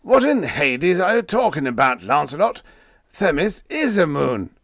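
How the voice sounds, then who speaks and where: A man voicing a gruff older male spaceship captain who roars and rasps in exasperation. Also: on the high side, sing-song, measured pace, fairly bright tone, no echo, clean studio sound, pitched above the performer's own voice, heavily acted. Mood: exasperated. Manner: roaring, rasping, exasperated.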